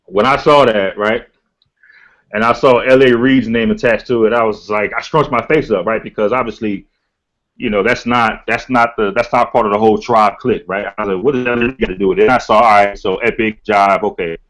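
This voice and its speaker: A man chatting casually on a podcast in a relaxed, storytelling manner, with loose restarts as he goes. His voice sits somewhat low. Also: fairly quick. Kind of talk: casual hip-hop podcast chat.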